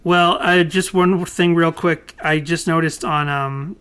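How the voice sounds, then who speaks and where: A young man co-hosting a podcast in casual chat, rambling at length, talking loudly and laughing often. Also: a little high, fairly even intonation, a little slow, clear, resonant tone. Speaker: podcast co-host.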